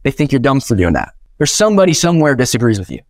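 A man's voice: mid-range voice, rapid-fire, dry recording. A young man giving a motivational keynote, telling stories with energy and acting out the dialogue. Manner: energetic, animated, acts out quoted dialogue. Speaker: keynote speaker.

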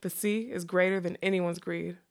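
A woman's voice: lowish voice, steady tone, normal speed, lightly acted. A woman voicing a bold, scornful young woman in a novel read aloud, blunt and dismissive.

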